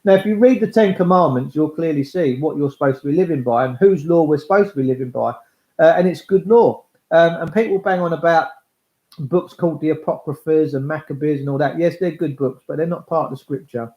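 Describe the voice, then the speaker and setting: A man's voice: fairly high pitch, brisk. A man talking in a rambling monologue, blunt and coarse, swearing freely and acting out voices. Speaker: speaker addressing listeners. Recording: echoey, dull lo-fi recording.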